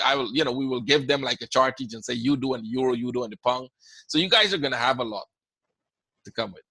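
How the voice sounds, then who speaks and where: A man speaks at a medium pitch, his voice pushed and bright with a breathy edge and no room sound. He has a Guyanese accent and hosts a trading webinar, answering questions in a conversational live Q&A and often saying "right?".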